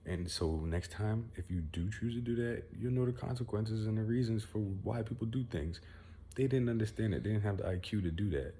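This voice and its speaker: A man's voice: lowish voice, fairly quick, dark tone, slight background noise. A young man venting at home to his followers in a rambling, boastful, profane monologue. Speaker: vlogger.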